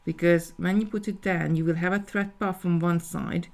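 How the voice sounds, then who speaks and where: A woman's voice: lowish voice, steady tone, normal speed, gravelly, darkish tone. A woman talking through a live beading tutorial step by step, thinking aloud as she works. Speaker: jewellery designer teaching beading.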